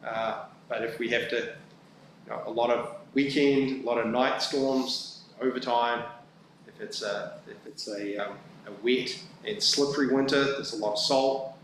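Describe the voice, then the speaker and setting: Halting man in an echoey chamber. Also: mid-range voice, steady tone, fairly bright tone. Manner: halting, many fillers and restarts. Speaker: town staff presenting budget. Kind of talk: council meeting presentation. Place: council chamber. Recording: very echoey room, faint background noise.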